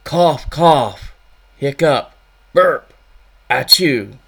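A man voicing a hillbilly cartoon father who hiccups, coughs and sneezes loudly, with exaggerated sound effects. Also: on the high side, expressive, drawn-out words, creaky, pitched above the performer's own voice, exaggerated voice.

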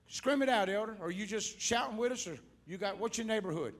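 A male evangelist preaching fervently at a church altar call, shouting one moment and coaxing quietly the next as he calls back and forth with the congregation. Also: high-pitched, lively intonation, fairly quick, few pauses, a faint crowd. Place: church service before a congregation.

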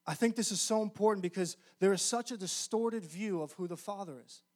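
A male pastor preaching a sermon in an earnest, emphatic way, often slowing down to stress key phrases. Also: high voice, darkish tone.

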